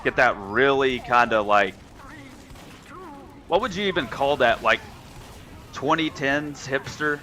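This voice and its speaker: A man's voice: mid-range voice, expressive, slow, long pauses, pushed and bright, a little hiss or hum. A young man streaming a game, chatting casually and answering viewers' messages as he plays. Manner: chatty, reads and answers live chat. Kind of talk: casual chat while gaming.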